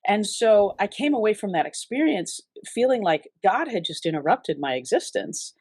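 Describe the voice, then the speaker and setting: A woman's voice: mid-range voice, animated, moderate pace, a little mellow, slightly rough, no echo. A woman giving an earnest, reflective personal testimony in an interview, often restarting her sentences. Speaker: interview guest.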